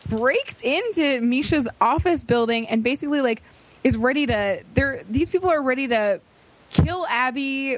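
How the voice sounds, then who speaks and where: A woman co-hosting a podcast, casually retelling a film's plot with many fillers. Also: a little high. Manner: animated storytelling, many "like" fillers. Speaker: podcast co-host. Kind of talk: casual chat.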